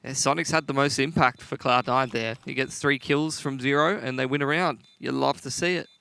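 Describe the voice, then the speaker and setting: A man giving relaxed, joking analysis as color commentator in an esports broadcast. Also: medium pitch, moderate pace, gravelly, smooth.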